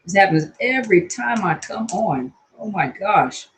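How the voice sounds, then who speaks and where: This counselor from Washington state chats casually on a phone livestream, hot and sweaty at home, calling out viewers by name in relaxed, everyday talk. Her mid-range voice has lively intonation and moves a little slowly, with slight noise in the background.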